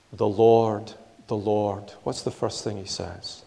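A man preaching a sermon in a measured, emphatic way, repeating his key phrases. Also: lowish voice, level tone, creaky, warm tone, in a large hall.

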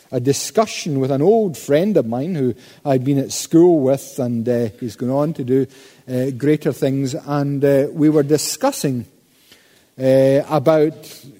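A male preacher delivers a sermon slowly and emphatically, leaning on deliberate pauses. His voice sits fairly high but sounds dark and mellow. It carries the long reverb of a large church hall.

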